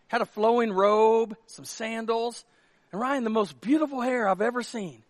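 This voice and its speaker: A male pastor preaching a sermon, telling stories in an animated way and shouting out quoted lines. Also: very high-pitched, moderate pace, no echo.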